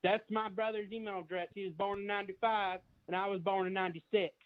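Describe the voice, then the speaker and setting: A man on the phone, angry and swearing as he talks. His voice sits high for a man. The line is dull and muffled, like a cheap phone call. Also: steady tone, fast talker. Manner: furious and profane. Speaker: prank call recipient.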